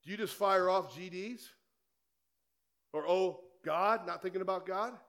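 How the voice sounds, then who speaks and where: High-voiced male pastor preaching. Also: moderate pace, fairly bright tone. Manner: conversational preaching, firing rhetorical questions at the listeners. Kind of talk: sermon.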